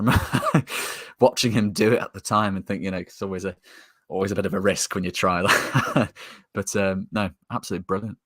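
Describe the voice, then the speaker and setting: An easygoing man joins as a guest pundit and chats about a match with a casual, sweary edge. His voice sits a little low. The sound is dry and close. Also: fairly bright tone, no room sound. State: out of breath. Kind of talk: casual football chat.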